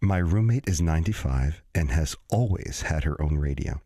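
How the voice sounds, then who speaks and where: Low-voiced man co-hosting a radio show. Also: animated, moderate pace, mellow, no echo. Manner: chatty, joking, stumbling restarts. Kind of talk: casual on-air banter. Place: radio studio.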